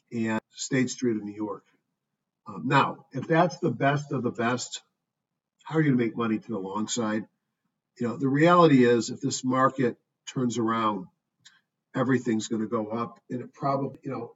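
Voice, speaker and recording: A man talking through stock charts in an offhand, thinking-aloud way, with frequent ums and asides. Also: mid-range voice. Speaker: stock market commentator. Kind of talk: casual screen-share market review. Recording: dull distant mic with faint noise.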